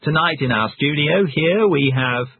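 A man reads short example phrases with a lively, up-and-down delivery. His voice is a little husky, close and dry, squeezed into a tinny, phone-like band. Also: on the high side, unhurried, dry recording. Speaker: English phrase teacher. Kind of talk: scripted example sentences.

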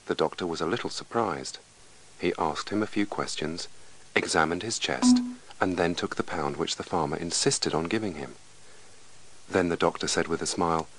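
Deep-voiced man reading a lesson. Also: expressive, poor audio. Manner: slow, measured reading. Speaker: reader of an English lesson. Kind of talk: scripted narration.

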